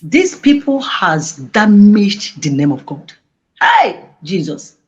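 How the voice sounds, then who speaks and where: A woman's voice: mid-range voice, huge pitch swings. Impassioned woman, lo-fi audio. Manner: impassioned, halting with many restarts. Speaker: interviewee. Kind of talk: emotional interview testimony. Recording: dull lo-fi audio.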